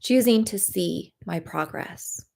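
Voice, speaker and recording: Woman, tapping session guide, gentle and encouraging, slightly low pitch, gravelly fry, pauses and fillers. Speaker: EFT tapping practitioner.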